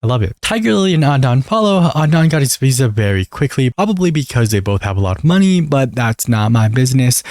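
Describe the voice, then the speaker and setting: A man's voice: medium pitch, big pitch swings, fast talker, hardly any pauses, darkish tone, no room sound. Young man, reality show recap, sarcastic, gossipy, dry close sound. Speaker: video creator.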